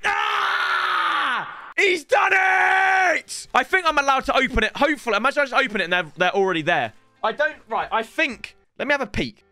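Excitable young lad, high and lively. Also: male voice, quick pace, no room sound, shouting, soft background music. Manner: excitable, rambling, jokey. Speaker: football gaming YouTuber. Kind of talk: casual unboxing chat to viewers.

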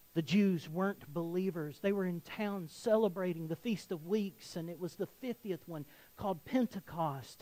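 A man's voice: on the high side, darkish tone, rough recording. A man with a Southern US accent preaching a sermon to his congregation, conversational with joking asides. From Southern United States. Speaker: pastor. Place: church sanctuary.

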